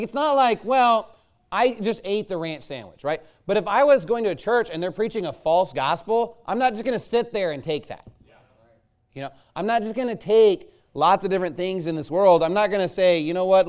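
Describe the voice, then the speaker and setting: A man preaching a conversational sermon, emphatic, punching his points and tagging them with "okay?" and "all right?". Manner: lively, jumps between loud stresses and low asides.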